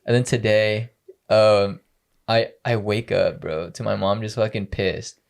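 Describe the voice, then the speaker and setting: A man's voice: fairly low pitch, steady tone, measured pace, gravelly. A young man telling a long story in casual podcast chat, rambling with many fillers and quoted dialogue. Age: young adult. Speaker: podcast co-host.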